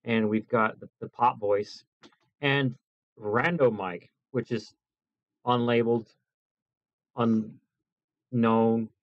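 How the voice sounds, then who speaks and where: A man's voice: mid-range voice, fairly even intonation, takes it slowly, long pauses, no echo, dull audio. A man hosting a home mic-test video, talking loosely and joking as he explains each step at his desk. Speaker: host testing microphones. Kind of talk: casual chat. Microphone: lavalier mic.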